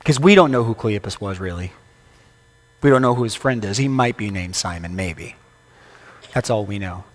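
A man's voice: lowish voice, lively intonation, normal speed. A man preaching as a guest preacher, conversational and playful, quizzing the congregation with questions. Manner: playful humorous asides. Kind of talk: sermon. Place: church sanctuary. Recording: long church hall reverb.

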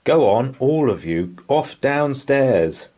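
A man's voice: medium pitch, big pitch swings, takes it slowly, mellow, voice pushed up. A weary storybook mother elephant, as a man puts her on. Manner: exasperated, sighing.

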